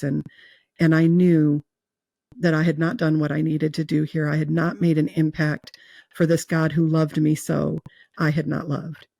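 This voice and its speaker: Woman guest, heartfelt storyteller, gravelly fry in her voice, close and dry. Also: sits low, dark tone, no room sound. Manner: earnest, emotional, with fillers and restarts. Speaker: guest telling her near-death experience. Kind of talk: personal storytelling in an interview.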